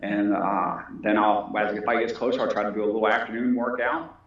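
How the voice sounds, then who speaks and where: An American fighter and police officer, polite and humble, talks about his fight training and shares stories in a casual interview. His voice is lowish, fairly quick and fairly even in intonation. The audio is very echoey and dull.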